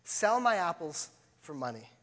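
A man performs a tender, self-giving tree lady from a children's storybook. The voice sits high and gentle and pleads softly. A long hall reverb trails behind each line. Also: very animated, a little slow, heavily acted. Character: loving, giving motherly apple tree, female.

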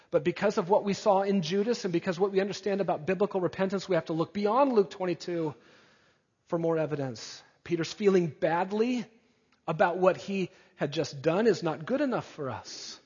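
A male preacher giving an earnest sermon, rising to emphatic peaks and dropping soft again. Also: on the high side, husky. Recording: dull sound with long hall reverb.

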